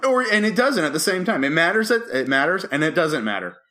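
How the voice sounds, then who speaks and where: Brief: male podcast co-host, animated storyteller, bright and bouncy delivery. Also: fairly high pitch, fairly quick. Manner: animated storyteller, acts out quotes loudly. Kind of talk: casual chat.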